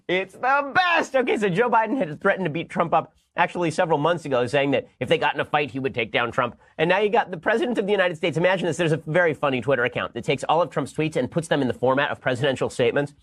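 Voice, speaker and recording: A male host giving sarcastic news commentary, fast and mocking, breaking into bursts of laughter. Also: a little high.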